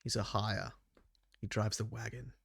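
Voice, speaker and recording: A man narrating as game master in a tabletop game, telling the scene slowly and hesitantly. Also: lowish voice, little pitch movement, creaky, a bit bright, husky.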